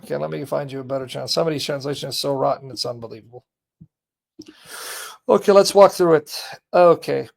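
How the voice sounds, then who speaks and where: A man hosting a live stream, lecturing a caller in a heated, forceful way. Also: on the high side, fairly quick, vocal fry, pauses often. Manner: forceful, lecturing, berating chat commenters. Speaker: livestream host. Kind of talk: heated live teaching and chat.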